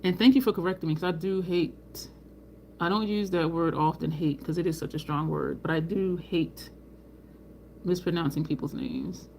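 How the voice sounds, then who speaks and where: A woman's voice: lowish voice, moderate pace, creaky, a little mellow, slight background noise. A middle-aged woman hosting a makeup livestream, chatting casually with viewers as she works, laughing often and acting out people in her stories. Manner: chatty, reads and answers live chat, laughs often. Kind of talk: casual chat while doing makeup.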